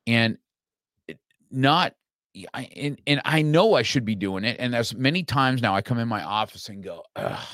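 A middle-aged man hosting an interview in a brash, animated, direct way. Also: mid-range voice, normal speed, dry recording, clean studio sound. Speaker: podcast host. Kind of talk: conversational interview.

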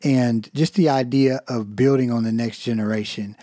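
A man in his thirties co-hosting a casual podcast, speaking in a laid-back, measured and reflective way. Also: medium pitch, steady tone, dark tone, dry recording, clean studio sound. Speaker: podcast co-host. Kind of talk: casual chat.

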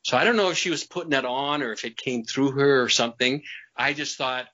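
A man's voice: medium pitch, fairly quick, sharp tone. A man being interviewed, telling a long personal story in a casual, rambling way, repeating words and laughing between sentences. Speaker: interview guest. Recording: slightly muffled lo-fi audio.

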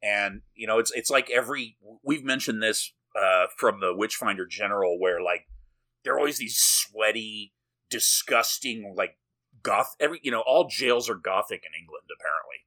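A man's voice: lowish voice, moderate pace, bright, forceful tone. A man co-hosting a podcast, recapping a film in a rambling, jokey way, swearing and laughing often. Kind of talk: casual movie-recap chat.

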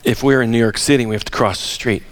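An older man preaching a sermon, emphatic and animated, firing rhetorical questions at the congregation. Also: medium pitch, racing, a little hiss or hum. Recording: long hall reverb.

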